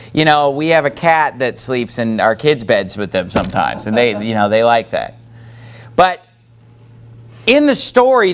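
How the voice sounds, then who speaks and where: A man preaching a sermon who reads scripture aloud and breaks into casual asides. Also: a little high. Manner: preaching with rising emphasis, reads scripture in King James wording; conversational asides with fillers. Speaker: pastor.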